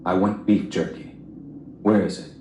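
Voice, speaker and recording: A man voicing an unhinged male customer at a night-shift store, who swings from polite to shouting. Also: low voice, steady tone, normal speed, roomy sound, a little hiss or hum, close to an everyday voice. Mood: demanding.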